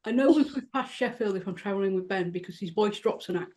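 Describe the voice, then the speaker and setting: A woman from Yorkshire with a softened Yorkshire accent, chatting on a podcast panel in a self-deprecating way. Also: medium pitch, fast talker.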